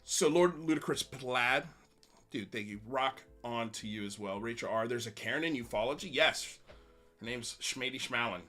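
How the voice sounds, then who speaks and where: A man's voice: medium pitch, normal speed, pushed and bright, soft background music. A man hosting a livestream, ranting bluntly and sarcastically, then reading viewer comments with frequent laughs. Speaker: livestream host.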